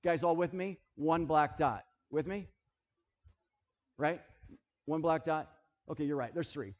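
A man preaching a sermon, animated and jokey, who keeps checking that his listeners are following. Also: a little high, a little slow, dull audio. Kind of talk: sermon with object lessons.

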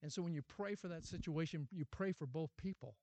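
A man preaching a sermon as pastor, asking many rhetorical questions and repeating his words, moving from loud urgent appeals to a quiet closing prayer. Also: a little high, a little fast, dry recording.

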